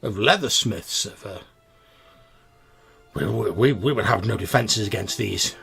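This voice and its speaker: A plump older village alderman, voiced by a man, speaking gravely and stumbling over his words. His voice sits low and gravelly with a slow, halting delivery. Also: bright, forceful tone, faint music behind, heavily acted.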